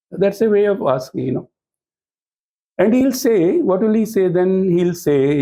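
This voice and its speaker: Gravelly-voiced man lecturing on negotiation. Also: sits high, very animated, moderate pace, warm tone, rough recording. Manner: explanatory, asks the audience rhetorical questions. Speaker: speaker at a corporate training talk. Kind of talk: lecture to business professionals.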